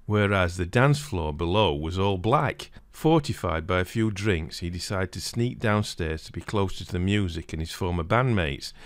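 Low-voiced man reading a video essay. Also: dry recording. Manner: steady reading, livelier when reading quoted passages. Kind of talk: scripted narration.

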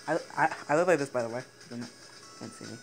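A teenage boy giving excitable gaming commentary, swearing and laughing often. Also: mid-range voice, fast talker, vocal fry, poor audio. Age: teens. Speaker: gaming YouTuber. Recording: game music playing behind the voice.

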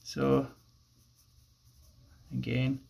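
A man with an Irish accent explaining a pencil drawing step by step as he works, relaxed and thinking aloud. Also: medium pitch, very slow, vocal fry. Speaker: art teacher. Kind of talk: drawing tutorial narration.

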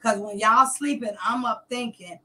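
A woman's voice: on the high side, steady tone, normal speed, bright, forceful tone. A middle-aged woman from Georgia, ranting to camera in a confrontational, taunting way. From Columbus, Georgia, US. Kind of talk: direct-to-camera rant.

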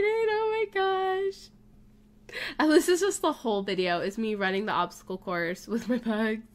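A woman casually commenting on her life-sim game, gushing and excitable over her pets. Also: fairly high pitch. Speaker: gaming YouTuber. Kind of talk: casual let's play commentary. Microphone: desk mic, facecam.

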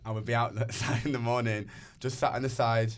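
A man's voice: medium pitch, brisk, clean tone. A man, a dancer and choreographer, chatting as a podcast guest and acting out bits of dialogue. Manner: animated storyteller, acts out dialogue. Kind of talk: casual podcast conversation.

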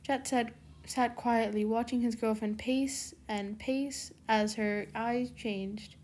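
Young woman reading her fanfic, bit high voice, scattered chatty intro. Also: steady tone, slow pace, darkish tone, a little hiss or hum. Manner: scattered, self-deprecating chat. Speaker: fan fiction reader. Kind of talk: casual narration of a fan story.

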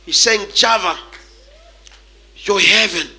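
Sharp, high-voiced fervent male preacher. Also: takes it slowly, gravelly. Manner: fervent, declamatory, bursts of shouting. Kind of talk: prophetic preaching with speaking in tongues.

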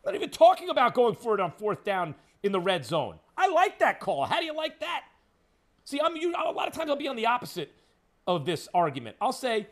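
A man's voice: very high voice, huge pitch swings, a little fast. A man hosting sports talk radio, ranting with sarcasm and heat. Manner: emphatic, sarcastic, heated.

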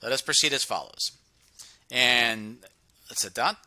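A man with a very bright, forceful voice reads a research paper aloud for his channel, breaking off to add his own comments. He repeats and restarts words often, and slows right down to drive key phrases home. The sound is dry and close, with no room in it. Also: medium pitch, dry recording. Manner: reads passages aloud with frequent stumbles and asides. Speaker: channel host reviewing research. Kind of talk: reading aloud and commenting on a study.

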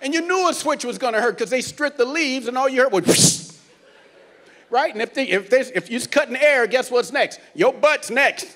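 High-voiced man doing stand-up comedy. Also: normal speed. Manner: animated, acts out characters, laughs along. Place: cruise ship theater stage.

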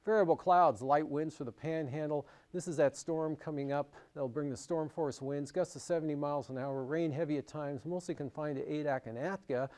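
A man's voice: fairly high pitch, steady tone, brisk, few pauses, darkish tone. A man with an American accent presenting a broadcast marine and weather forecast, talking it through loosely with frequent fillers.

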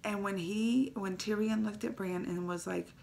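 Reaction-vlog host, woman, gravelly creaky voice, animated and teary storytelling. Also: medium pitch, moderate pace, a little hiss or hum. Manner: excitable, emotional storytelling with dialect phrases. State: emotional, teary. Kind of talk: casual reaction recap.

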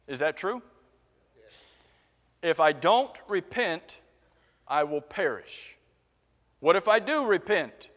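A man's voice: sits high, lively intonation, takes it slowly, pauses often, fairly bright tone. A man preaching a sermon who keeps asking the congregation questions and repeats words for emphasis. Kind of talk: interactive sermon. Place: church sanctuary. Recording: long church reverb.

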